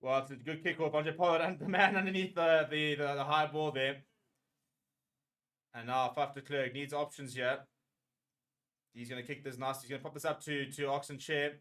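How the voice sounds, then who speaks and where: A man's voice: on the high side, fairly even intonation, normal speed, a bit bright. A man giving emotional live fan commentary on a rugby match, nervously repeating phrases as he calls the play.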